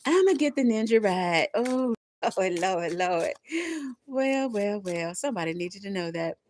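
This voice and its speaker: A woman doing a live tarot reading, talking in slangy, animated bursts with lots of laughter. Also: mid-range voice, measured pace, slight background noise. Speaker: tarot reader.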